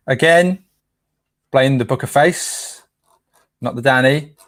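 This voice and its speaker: A man's voice: mid-range voice, animated, moderate pace, pauses often, no room sound. A man hosts a casual live stream, chatting playfully and tripping over names as he reads them out.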